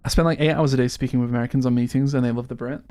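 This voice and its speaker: A man's voice: medium pitch, steady tone, racing, darkish tone, slight background noise. A young English man with an English accent, chatting casually and laughing as he streams a game. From England. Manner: chatty, laughs often, self-deprecating. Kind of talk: casual gaming stream chat.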